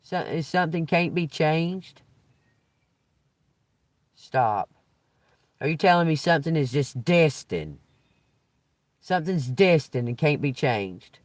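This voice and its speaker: A man's voice: a little high, animated, slow, long pauses, dry recording. A man giving a tarot reading on a live stream, rambling and cursing freely, with frequent chuckles. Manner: rambling, profane, chuckles often. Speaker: tarot reader.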